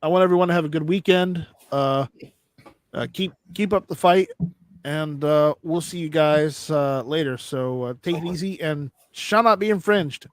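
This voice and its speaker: A man's voice: fairly high pitch, moderate pace, no room sound, clean studio sound. A man hosting a casual live stream, joking with his co-hosts and wrapping up the show. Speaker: host.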